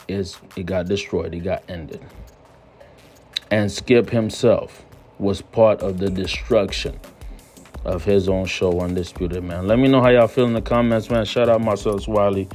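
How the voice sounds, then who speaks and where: A man's voice: fairly low pitch, a little mellow. A man hosting his own channel, giving solo sports media commentary in a casual, emphatic way and repeating phrases for stress. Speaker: YouTube commentary host.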